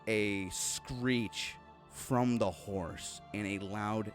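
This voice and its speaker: A man's voice: on the low side, fairly even intonation, extremely slow, over music. A man running a horror tabletop game as game master, narrating loosely with plenty of fillers.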